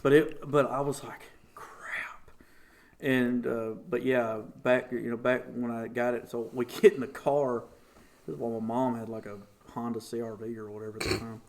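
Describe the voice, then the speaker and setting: A young man, a podcast guest telling a story casually and acting out the voices in it. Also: fairly quick. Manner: animated, acts out quotes with big pitch jumps.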